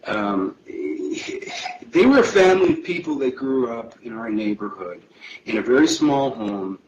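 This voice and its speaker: A man's voice: medium pitch, lively intonation, measured pace, lo-fi sound, slight background noise. A man, a guest musician, chatting animatedly in an interview and chuckling as he tells a story. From Canada. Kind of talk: casual interview chat.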